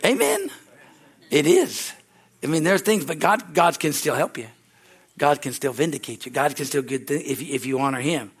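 Pastor, middle-aged man, high-pitched, fervent sermon with shouted calls. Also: big pitch swings, moderate pace, vocal fry, slightly rough. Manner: fervent, repetitive, rises to shouting exhortations.

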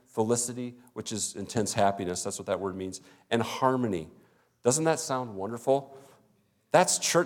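A male pastor preaching a sermon in a conversational way, acting out little everyday dialogues. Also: medium pitch.

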